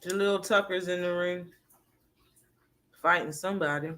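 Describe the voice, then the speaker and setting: A woman's voice: fairly low pitch, steady tone, moderate pace, a bit bright. A woman hosting a live boxing talk stream in casual, profane chat, laughing often and answering her chat.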